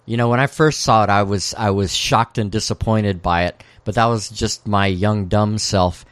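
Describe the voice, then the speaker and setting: A man's voice: fairly even intonation, normal speed, smooth, dry recording. Man recapping a show, dry close sound. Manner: recounts scenes, reading out quoted dialogue with raised pitch. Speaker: podcast co-host. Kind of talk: casual recap discussion.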